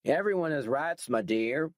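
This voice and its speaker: A man's voice: fairly high pitch, expressive, normal speed, no echo, studio quality, voice pushed up, close to an everyday voice. A man voicing a menacing biker gang leader who talks in a mild, soothing, mock-courteous drawl.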